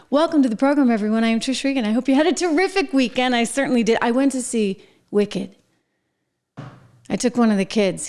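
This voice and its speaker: A woman's voice: fairly high pitch, darkish tone, smooth. A middle-aged woman hosting her own show, giving chatty political commentary with wry asides and frequent laughs. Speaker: show host.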